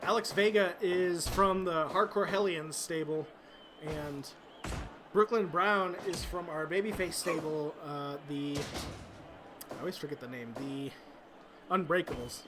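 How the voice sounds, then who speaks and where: A man hosting and giving excitable play-by-play commentary over a wrestling video game, shouting on big moves and relaxing into laid-back asides. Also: on the high side, noisy background.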